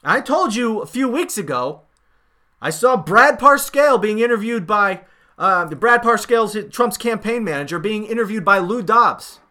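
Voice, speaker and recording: A man hosting a political podcast, talking in a sarcastic, emphatic monologue with swings in loudness. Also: high-pitched, animated, moderate pace. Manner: sarcastic, mocking paraphrases of others; emphatic, rising and falling loudness. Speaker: podcast host.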